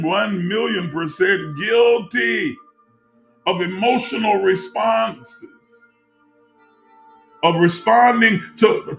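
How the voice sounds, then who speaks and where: A man preaching in a very high, bright voice with a gravelly edge. He speaks slowly and rises to shouts, hammering his phrases again and again. Faint music plays underneath. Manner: preaching cadence, rising to shouts, repeating phrases. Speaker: teacher of a spiritual group. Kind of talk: fervent spiritual teaching.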